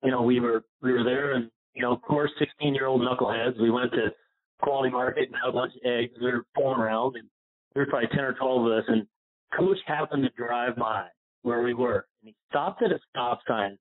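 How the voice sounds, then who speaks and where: A man's voice: mid-range voice, a little fast. Male guest, rambling storyteller, lots of "you know", tinny phone-line sound. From Pennsylvania. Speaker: golf instructor, guest. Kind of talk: casual storytelling interview.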